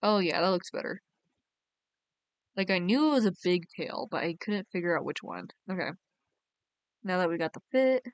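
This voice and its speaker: Bubbly young woman streamer, smooth voice. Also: fairly low pitch, expressive, normal speed, no room sound. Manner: bubbly, chatty, reads chat aloud. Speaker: game livestreamer. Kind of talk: casual live-stream chat.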